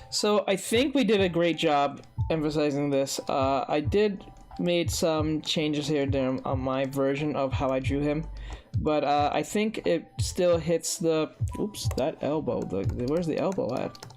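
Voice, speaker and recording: A man's voice: fairly high pitch, unhurried, a little mellow, soft background music. A young man with a stuffy, congested voice, rambling to himself as he talks viewers through a live drawing tutorial. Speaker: digital art streamer.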